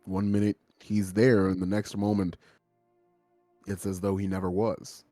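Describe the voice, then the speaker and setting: A man narrating as game master of a tabletop game, describing scenes in a relaxed way with frequent filler words. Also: low-pitched, measured pace, no room sound, faint music behind.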